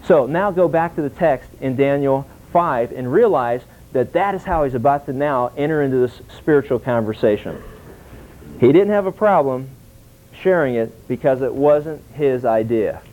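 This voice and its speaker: Animated male preacher, tinny recording. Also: fairly high pitch. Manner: animated, acts out dialogue, asks the audience questions. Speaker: pastor teaching a class. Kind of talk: sermon.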